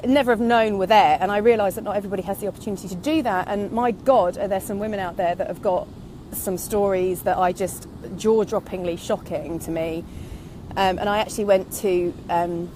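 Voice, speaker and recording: Out for a walk and slightly short of breath, a woman in her thirties who vlogs about online business shares a casual, reflective monologue. She's candid, rambles, and goes off on tangents, speaking in a mid-range voice. Background noise is audible.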